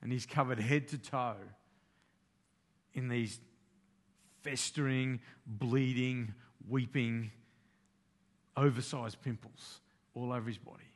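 A man's voice: mid-range voice, steady tone, takes it slowly, long pauses. Man preaching in a casual storytelling way. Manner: conversational, retelling a story in everyday slang. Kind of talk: sermon storytelling.

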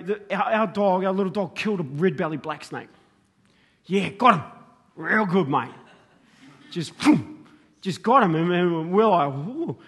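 A middle-aged Australian pastor preaches a sermon, rambling through stories before building to emphatic, shouted points. His voice sits high with a breathy edge, and the sound is that of a big room.

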